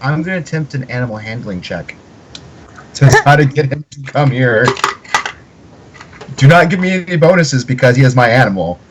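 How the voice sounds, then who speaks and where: Brief: man, mid-pitched voice, tabletop player, dry and wry. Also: animated, moderate pace, pauses often, noisy background. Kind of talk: casual tabletop game chat.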